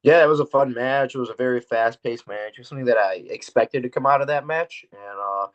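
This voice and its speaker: A young man, a professional wrestler, chatting loosely and excitedly as a podcast guest. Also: medium pitch, a little fast. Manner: loose and excitable, full of fillers and laughs, acts out dialogue. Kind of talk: casual interview chat. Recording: dull lo-fi audio.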